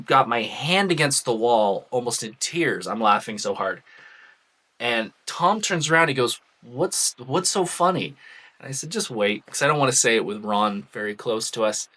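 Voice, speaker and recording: A man tells a personal story straight to camera in a loose, chatty vlog style. His voice is bright and forward, and he fills his pauses with easygoing ums and uhs. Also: mid-range voice. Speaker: cosplay vlogger. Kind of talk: casual anecdote storytelling.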